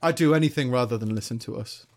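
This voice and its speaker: A man's voice: medium pitch, fast talker. A man co-hosting a podcast, trading scornful, rambling jokes in casual banter. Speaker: podcast co-host.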